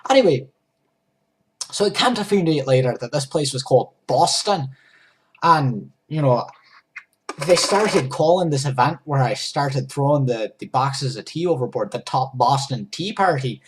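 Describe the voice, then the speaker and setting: Husky rambling doodle-story narrator. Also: male voice, a little high. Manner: rambling, goofy, self-interrupting while drawing. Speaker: storyteller and drawer.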